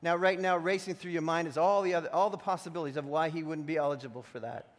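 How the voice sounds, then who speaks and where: A man's voice: a little high, fast. A middle-aged man preaching a sermon as pastor, telling a personal story with many restarts and building to emphatic points. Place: church sanctuary. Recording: long hall reverb.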